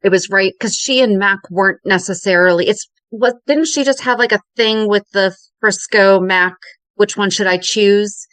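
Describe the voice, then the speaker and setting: A woman co-hosting a fan podcast, chatting in animated tangents and quick restarts. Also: medium pitch, smooth, no echo. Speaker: podcast co-host. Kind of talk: casual chat.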